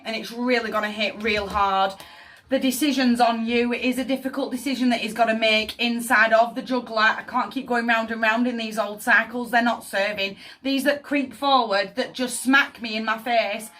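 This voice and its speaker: A woman's voice: on the high side, bright, forceful tone. A woman giving a tarot reading, speaking emotively and often asking "does that make sense" over faint background music. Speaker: tarot reader.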